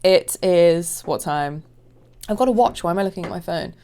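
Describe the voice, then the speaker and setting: A woman's voice: fairly low pitch, lively intonation, normal speed, mellow. Giggly chatty woman reacting to a video, voice bouncing all over. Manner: giggly, chatty and self-deprecating. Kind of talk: casual reaction chat.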